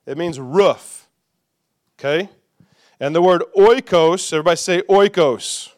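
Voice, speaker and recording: Guy pastor preaching, kinda high voice, smooth and clear, chatty and joking, gets the crowd repeating words. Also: unhurried. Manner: conversational and playful, leads congregation call-and-response. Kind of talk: sermon.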